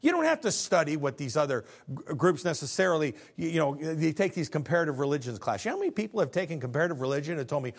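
Pastor, male, 50s, animated sermon delivery with rhetorical questions. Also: fairly high pitch, quick pace, few pauses. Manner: preaching with rhetorical questions and acted-out dialogue.

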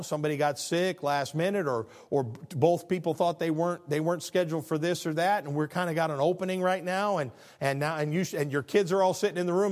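A man preaching a sermon as pastor, talking conversationally and swinging from low, quiet stretches to loud, high ones.

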